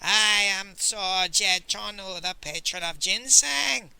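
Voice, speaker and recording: A hollow, haunted ginseng spirit, as a male reader puts him on, with a thick Tibetan accent. He booms out every word slowly and with menace, his voice bright and sharp-edged. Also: vocal fry, clear, resonant tone, no echo, full character voice. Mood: menacing. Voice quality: hollow, haunted, slow and booming.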